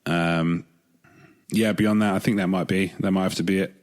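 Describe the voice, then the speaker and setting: A man's voice: low voice, steady tone, moderate pace. A man co-hosting a podcast, chatting casually and rambling with frequent restarts. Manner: rambling, hesitant, restarts often. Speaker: podcast co-host.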